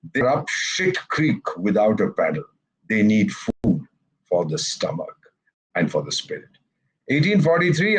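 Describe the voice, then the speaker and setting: Husky older man. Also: lowish voice, rough recording. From India. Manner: emphatic and sardonic, acts out quoted voices. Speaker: retired ambassador, interview guest. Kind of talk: candid, opinionated interview answers.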